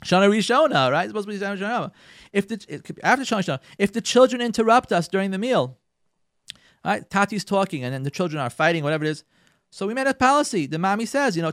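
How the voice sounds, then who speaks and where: A man's voice: high voice, sing-song, fast talker, fairly bright tone, no room sound, clean studio sound. A man hosting a radio show who gives marriage advice in an emphatic, instructive way. He often acts out what spouses say and repeats words for emphasis. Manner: emphatic and instructive, addresses listeners directly.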